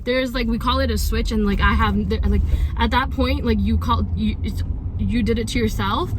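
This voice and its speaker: A woman's voice: mid-range voice, steady tone, fairly quick. Young woman vlogger, casual and chatty with "like" fillers, phone mic with road noise behind her. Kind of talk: casual vlog chat. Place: in a car, then outdoors by a store. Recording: noisy outdoor and car phone audio. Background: car and street noise.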